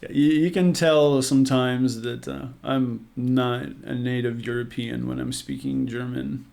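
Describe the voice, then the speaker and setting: A man's voice: mid-range voice, steady tone, measured pace, vocal fry, darkish tone. A man with a Southern US accent, chatting easily as a podcast guest, joking and rambling a little. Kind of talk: casual podcast chat.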